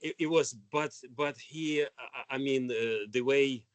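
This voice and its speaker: A man, a former student, reminiscing in a halting way with many false starts. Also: medium pitch, dry recording. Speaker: former student sharing memories. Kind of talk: casual conversation.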